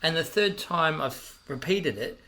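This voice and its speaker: An Australian man and comedian, telling profane, animated stories in a casual chat and getting loud when he acts out what people said. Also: fairly high pitch, unhurried. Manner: loud bursts when acting out quotes. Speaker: guest comedian.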